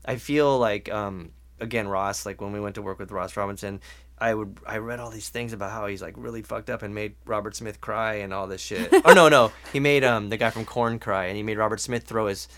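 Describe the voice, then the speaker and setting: A man's voice: on the low side, brisk. A middle-aged man hosting a podcast in casual chat, swearing freely and acting out the people in his stories. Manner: swears freely, acts out quoted people in animated voices. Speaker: podcast host.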